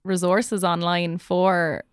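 A woman's voice: on the low side, flat delivery, takes it slowly, clean tone, no echo, clean studio sound. A young woman teacher with an Irish accent, chatting casually on a podcast and filling her speech with "like". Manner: chatty, lots of "like" fillers.

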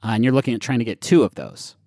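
Lively male game master, dry mic. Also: mid-range voice, fast, vocal fry, no room sound. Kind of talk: narrating a tabletop game.

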